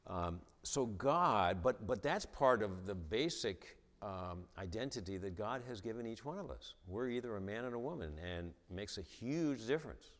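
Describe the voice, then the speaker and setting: Brief: man, stutterer, deep low voice, lecturing in a reverberant church. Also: expressive, moderate pace, few pauses. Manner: stutters, repeats the starts of sentences. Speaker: guest speaker at a church. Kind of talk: lecture-style church talk. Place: church hall with an audience.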